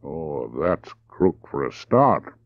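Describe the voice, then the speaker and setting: A man's voice: lowish voice, sing-song, dry recording, dull audio, voice pushed up. A man doing a drawling young Australian driver. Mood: deliberate. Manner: slow deliberate drawl. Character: young male Australian truck driver, calm.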